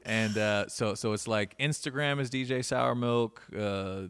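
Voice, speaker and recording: Laid-back gravelly-voiced man. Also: medium pitch, measured pace, fairly bright tone. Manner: laid-back, swearing, many restarts. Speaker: guest DJ. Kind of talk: casual podcast chat.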